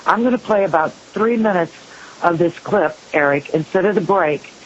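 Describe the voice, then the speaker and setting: A male talk-radio host with a fairly high voice tells his story in an earnest, conversational way. The audio is muffled and lo-fi, with faint hiss underneath. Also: normal speed, a bit bright. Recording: dull lo-fi radio recording with hiss.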